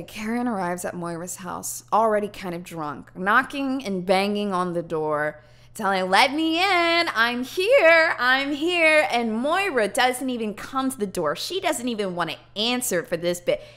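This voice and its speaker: A woman's voice: mid-range voice, a bit bright. A woman streamer casually retelling a true crime case, swearing and speaking straight to her viewers.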